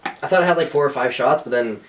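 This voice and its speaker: A man's voice: medium pitch, fast, far from the mic, slight background noise. A man co-hosting a podcast in casual chat, telling stories with lots of swearing and put-on voices. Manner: swears a lot, animated storytelling with voices. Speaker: podcast co-host.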